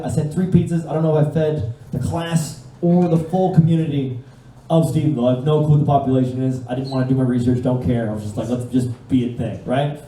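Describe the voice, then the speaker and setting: A young man telling a long stand-up story on a live stage, swearing freely and acting out phone calls in different voices. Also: mid-range voice. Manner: animated, profane, acts out phone calls in voices. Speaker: stand-up comedian. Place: live comedy stage with audience. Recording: echoey room from a distance, faint ambience.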